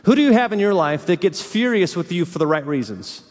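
A man pastor preaching a sermon, swinging between hushed low phrases and fiery raised peaks. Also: sing-song, a little fast, long reverb tail.

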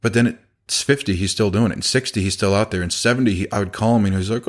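A man's voice: fairly low pitch, fairly quick. A man, a business owner telling stories in casual talk and acting out the dialogue he quotes. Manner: conversational, acts out quoted dialogue.

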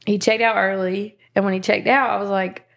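Woman podcast host, blunt, swears a lot, animated, mid-pitched. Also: brisk, creaky. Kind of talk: casual chat.

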